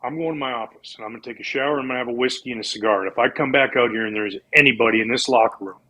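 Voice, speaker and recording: A man's voice: mid-range voice, very fast, sharp tone, pitched below the performer's own voice. A man imitating a furious older baseball manager who berates his players in a profane tirade. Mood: seething.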